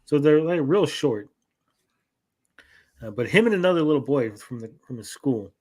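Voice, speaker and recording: Profane, animated man telling stories. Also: a little high, moderate pace. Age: adult parent. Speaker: podcast co-host. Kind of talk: casual chat.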